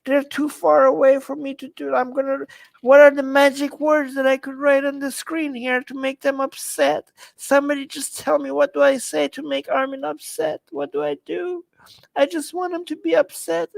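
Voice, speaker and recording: A man's voice: very high-pitched, little pitch movement, normal speed, gravelly, dry recording, pitched above the performer's own voice. A man putting on a whiny offended male internet troll in a mocking, pleading voice.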